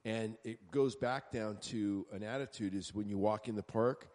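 A man's voice: on the low side, normal speed, a little mellow, big-room sound. A man giving an informal closing comment to a church group, speaking hesitantly and restarting phrases.

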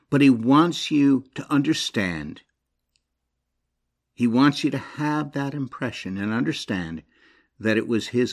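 A middle-aged man preaching a sermon. He reads scripture and builds to loud, high, emphatic passages, then drops low and quiet.

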